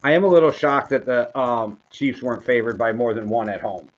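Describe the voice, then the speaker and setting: A man's voice: medium pitch, fairly quick. An older man with a Midwestern accent from Wisconsin, co-hosting a casual sports-betting chat in a loose, profane, joking way. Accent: Midwestern American. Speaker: podcast co-host. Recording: slightly dull, lo-fi audio.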